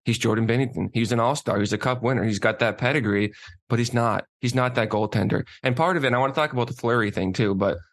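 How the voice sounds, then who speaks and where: A man's voice: mid-range voice, fast talker. A man co-hosting a casual chat, ranting and emphatic. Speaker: podcast co-host.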